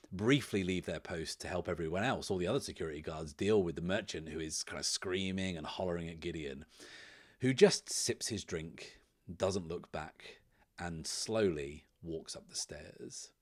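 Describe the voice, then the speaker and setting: A man playing and narrating a solo tabletop game, thinking aloud in a loose, chatty way. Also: sits low.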